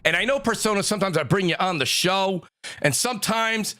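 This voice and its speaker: A man hosting a live gaming podcast panel, introducing guests with energetic hype. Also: high voice, fairly quick. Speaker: podcast host. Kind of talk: casual panel show hosting.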